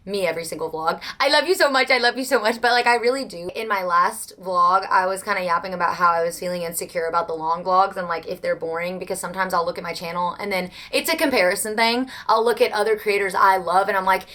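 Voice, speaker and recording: A woman's voice: fairly low pitch, steady tone, fast talker, hardly any pauses, fairly bright tone. A young woman with a Southern US accent, chatting casually and rambling at home as a book vlogger, gushing and self-deprecating.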